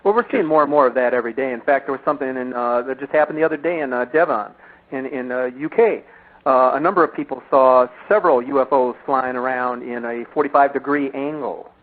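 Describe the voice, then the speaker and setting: A man's voice: medium pitch, steady tone, quick pace. A male radio host who answers in short, agreeable replies and laughs easily. His voice sits in the middle range and comes through a thin, tinny phone line. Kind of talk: radio interview.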